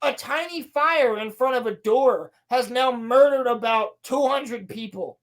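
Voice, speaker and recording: A woman's voice: on the high side, unhurried. A woman co-hosting a podcast, recapping a show in a sarcastic, profane, exasperated way and acting out the characters' lines. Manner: animated storytelling with acted-out quotes. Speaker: podcast co-host.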